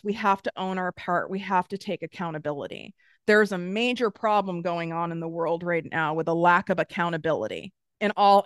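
A middle-aged woman with a lowish, smooth, resonant voice gives a blunt motivational coaching talk. She speaks directly to her audience and swears freely. The sound is close and dry, with no room echo. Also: fairly bright tone. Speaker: business and manifestation coach.

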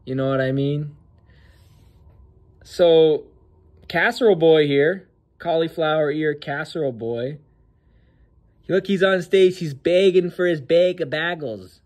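Casting: male host, casual commentary, mocking and slangy, slightly high voice. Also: measured pace, pauses often, a little mellow.

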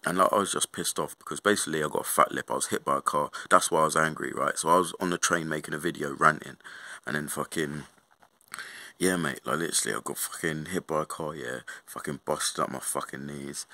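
A man's voice: extremely low pitch, fairly even intonation, brisk, pushed and bright, no echo. A young man in a casual, sweary storytime rant, repeating himself and saying bruv and mate. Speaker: vlogger.

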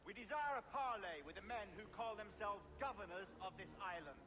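An actor playing a commanding officer in a video game, speaking formally and with command. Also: male voice, high voice, fairly quick, pushed and bright.

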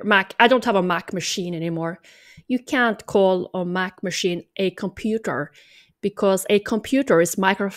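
A woman from Norway chatting in a vlog, a little tired, joking and self-mocking in a drawling voice. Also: medium pitch. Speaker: vlogger. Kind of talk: rambling ironic vlog chat.

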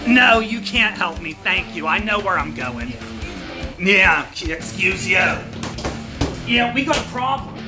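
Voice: mid-range voice, expressive, slow pace, music in the background. Someone doing a cranky cursing old grandma. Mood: irritated, complaining. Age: older. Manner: gruff, cursing, complaining. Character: cranky elderly grandmother, short-tempered and foul-mouthed. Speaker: comedy character host. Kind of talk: improvised comedy sketch.

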